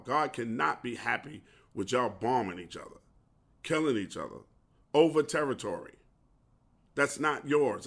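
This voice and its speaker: A man's voice: medium pitch, fairly bright tone. A man hosting a solo podcast, ranting passionately in slang and saying he feels unwell. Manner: impassioned, preachy rant with street slang. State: feeling unwell. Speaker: podcast host.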